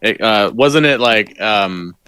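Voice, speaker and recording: A man's voice: fairly low pitch, expressive, slow pace, pushed and bright, clear, resonant tone, no room sound. A man co-hosting a casual podcast, mostly giving short agreeing replies and searching his memory. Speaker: podcast co-host.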